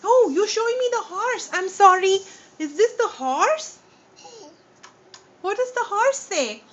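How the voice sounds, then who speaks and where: A woman's voice: very high-pitched, lively intonation, takes it slowly, slight background noise. A woman teaching small children at home, sing-song and patient, repeating her questions and making animal sounds, filmed on a phone. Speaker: parent teaching young children. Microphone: phone camera. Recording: muffled phone video recording.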